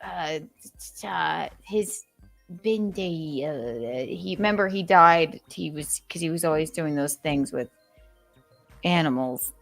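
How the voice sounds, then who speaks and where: A woman's voice: low voice, lively intonation, slow pace, creaky, faint music behind. A woman hosting a casual livestream chat, jokey and rambling, swearing and trailing off as she hunts for words. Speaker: host.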